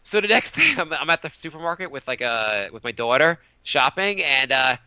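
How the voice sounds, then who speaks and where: A man co-hosting a podcast in casual chat, telling a story with animated voiced quotes. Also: on the high side, normal speed, clean tone, no room sound, dull audio. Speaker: podcast co-host.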